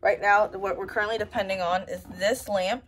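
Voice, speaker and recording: A woman's voice: mid-range voice, fairly even intonation, fairly quick, a bit bright, a little hiss or hum. A young woman in her twenties talking through her day in a casual vlog, candid and full of slang and swearing. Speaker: vlogger.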